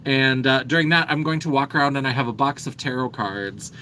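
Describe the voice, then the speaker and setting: Brief: chatty, self-deprecating male livestream host, bright voice, faint rumble behind. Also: steady tone, a little fast. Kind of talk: casual livestream chat.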